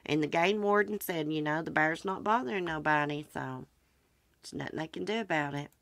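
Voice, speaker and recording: Brief: middle-aged woman, low voice, chatty storyteller hosting her own channel. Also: brisk, vocal fry, fairly bright tone, no echo. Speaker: channel host. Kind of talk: casual chat.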